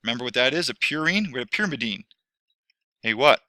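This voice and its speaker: A man's voice: mid-range voice, lively intonation, fast talker, sharp tone, no echo. A man teaching a screen-recorded lesson, rambling and correcting himself as he talks through each step.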